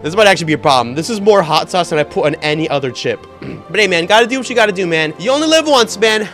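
A man's voice: sits high, fast talker, faint music behind. A young man playing a game for his channel while eating hot sauce, talking in casual slang and yelping and groaning from the spice. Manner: excitable, yelps and groans from the spice. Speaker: gaming YouTuber. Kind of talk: gaming vlog with hot sauce challenge.

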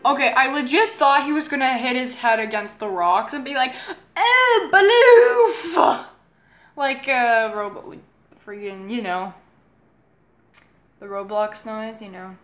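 High-voiced young woman ranting sarcastically. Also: moderate pace, a bit bright, soft background music. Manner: profane, exasperated, sarcastic. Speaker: reaction video host. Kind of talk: casual reaction commentary.

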